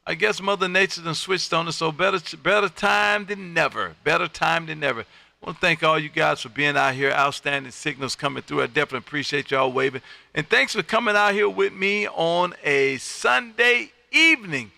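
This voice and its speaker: A man from Texas, hosting a live-streamed ham radio session and working contacts in a loud, upbeat, friendly way. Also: fairly high pitch, a little fast, vocal fry, dry recording. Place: home radio room.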